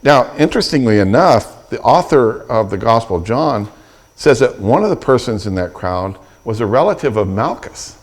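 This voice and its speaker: A man's voice: mid-range voice, very animated, moderate pace. A middle-aged man preaching a sermon as pastor, retelling scripture with vivid, acted-out quotes and frequent restarts.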